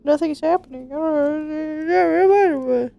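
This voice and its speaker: A woman's voice: high voice, slow, gravelly, lo-fi sound. A woman streamer in casual game-stream chat, talking in a dramatic, playfully panicked way.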